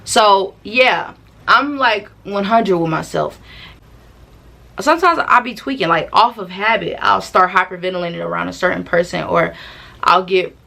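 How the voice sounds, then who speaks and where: A woman telling a personal story to the camera in a casual, slangy, animated way, acting out what people said. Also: mid-range voice, moderate pace, gravelly. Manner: animated, slangy, acts out quotes. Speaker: storytime vlogger.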